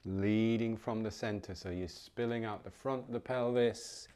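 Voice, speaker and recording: A man teaching a movement class, giving calm, unhurried cues with soft encouragement while he moves nearer to and farther from the mic. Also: fairly low pitch, clean tone. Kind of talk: guided movement class instruction.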